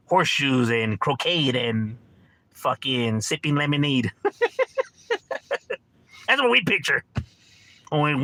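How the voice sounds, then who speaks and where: Slangy, bright-voiced streamer man from Los Angeles. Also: medium pitch, no echo. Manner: laid-back, slangy, drops Spanish words, laughs often. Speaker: livestream host chatting with strangers. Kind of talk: casual profane chat.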